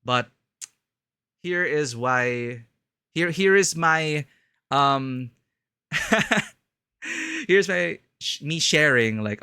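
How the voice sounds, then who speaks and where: A man's voice: a little high, animated, extremely slow, long pauses, bright, forceful tone, clear, resonant tone, no room sound, clean studio sound. Rambling man streaming a game. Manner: rambling, self-interrupting. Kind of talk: casual live-stream chat.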